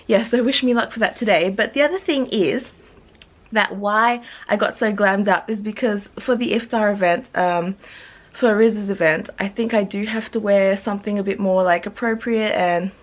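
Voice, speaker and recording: A woman's voice: mid-range voice, normal speed. A young woman, chatting casually to camera in a vlog, full of ums and likes and laughing often. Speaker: vlogger.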